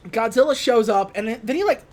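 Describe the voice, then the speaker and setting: Animated woman recapping a movie. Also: fairly high pitch, fairly quick. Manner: animated, laughing, voices silly quotes. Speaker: podcast host. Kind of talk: casual movie recap chat.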